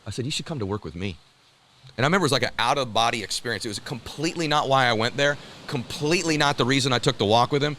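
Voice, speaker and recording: A man with a bright, forceful voice tells a story about himself with rising excitement. He laughs through his lines and keeps addressing the listener as brother and dude. A faint background noise sits under the clip. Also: medium pitch, very fast. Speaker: guest telling a personal story. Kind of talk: animated storytelling.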